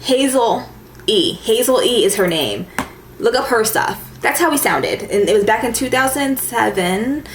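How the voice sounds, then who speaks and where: A woman's voice: fairly high pitch, animated, a little slow, a little hiss or hum. A young woman chatting casually to camera as a beauty vlogger, with a valley-girl lilt and lots of "like". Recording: echoey room with faint ambience.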